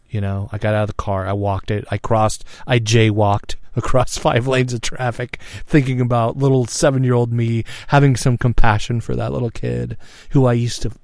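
A man's voice: mid-range voice, creaky, a little mellow, no room sound, studio quality. Frank, profane man in his fifties. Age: 50s. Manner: frank, profane, reflective, rambling with restarts. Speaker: personal storyteller. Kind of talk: candid spoken monologue.

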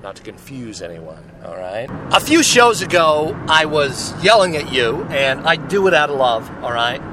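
A man's voice: a little high, sing-song, normal speed, noisy background. A man hosting a solo podcast, talking in a rambling, chatty way and often checking in with "right?". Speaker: podcast host. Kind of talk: casual solo podcast talk.

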